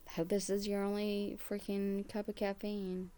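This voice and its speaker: A woman's voice: medium pitch, monotone, moderate pace, warm tone, clear, resonant tone. A woman hosting a reaction video, making blunt, exasperated running remarks over a clip she is playing. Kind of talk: casual commentary over a played video.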